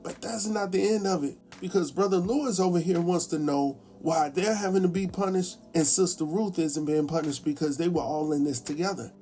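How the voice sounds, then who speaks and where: A man hosting a casual TV episode recap, chatty and colloquial, acting out the characters' lines as he goes. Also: fairly high pitch. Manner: animated, acts out characters' lines in quick impressions; chatty, colloquial, laughs at his own asides. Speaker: recap show host.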